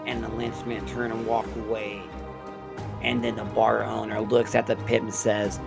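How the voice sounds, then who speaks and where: A man's voice: fairly low pitch, level tone, normal speed, vocal fry, music in the background. A man hosting a horror review show, recapping an episode in a casual, profane storytelling way.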